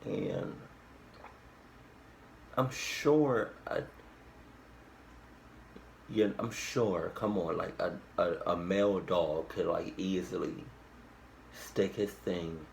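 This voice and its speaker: A man's voice: sits low, very slow, gravelly, long pauses, slight background noise, poor audio. A man hosting a reaction video, rambling casually with crude jokes and lots of restarts and fillers.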